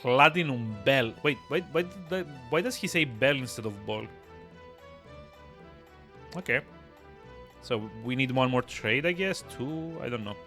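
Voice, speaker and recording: A man streaming a game live, chatting excitably with frequent laughs and self-interruptions. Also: mid-range voice, a little slow, long pauses. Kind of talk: live let's-play commentary. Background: game music.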